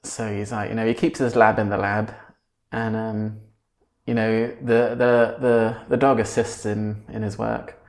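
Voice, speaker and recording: A man's voice: fairly low pitch, flat delivery, a little slow, reverberant. A man co-hosting an improvised comedy podcast, giggly and hesitant as he builds the story. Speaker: podcast co-host.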